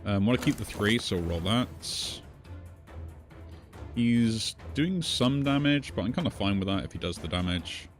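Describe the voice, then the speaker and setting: A man's voice: deep voice, fairly quick, few pauses, faint music behind. A man casually commenting on his own gameplay, thinking aloud as he plays. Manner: musing, thinks aloud while playing. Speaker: gaming streamer.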